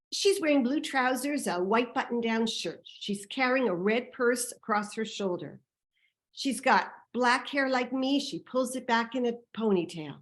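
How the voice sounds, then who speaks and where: A woman telling a personal story on stage, dramatic and vivid, moving between hushed and loud. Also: mid-range voice, measured pace. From Canada.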